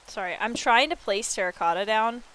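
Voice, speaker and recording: A woman streamer chatting casually while she plays a building game, telling stories with animated, excited quoted reactions and swearing freely. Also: fairly high pitch, fairly quick. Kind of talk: casual chat while gaming.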